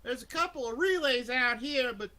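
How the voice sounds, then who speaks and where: A game master puts on a folksy frontier spacer who drawls and cusses his way through every explanation. His voice sits high and bright, casual and rough around the edges. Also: moderate pace. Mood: folksy explaining. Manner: drawling, swearing, backwoods slang. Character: folksy drawling spacer man at a remote station. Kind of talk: voicing a character in a tabletop game.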